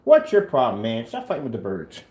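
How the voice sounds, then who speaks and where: A man running a small business, chatting casually at home and ranting in an animated way. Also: brisk. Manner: animated, ranting, talks to his pets in a high voice. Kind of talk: casual vlog chat. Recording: echoey room with faint noise.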